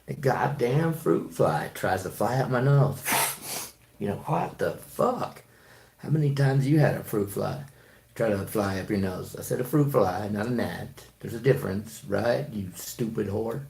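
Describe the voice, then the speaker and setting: Gravelly, profane man rambling in echoey room. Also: fairly low pitch, expressive, measured pace, darkish tone. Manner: profane, rambling, full of fillers and restarts. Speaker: truck driver. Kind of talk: rambling monologue.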